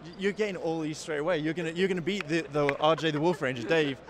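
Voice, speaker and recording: A man hosting a casual interview game, cheerful and quick to laugh. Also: on the high side, fairly even intonation, a crowd in the background. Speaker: interviewer quizzing on British slang. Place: outdoors at a convention.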